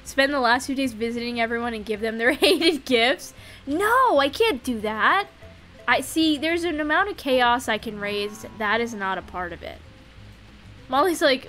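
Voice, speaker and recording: A young woman streaming a farming game, giggling and chatting playfully, putting on quick voices for the characters. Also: a little high, expressive, fairly bright tone. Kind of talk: live gameplay commentary. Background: faint game music.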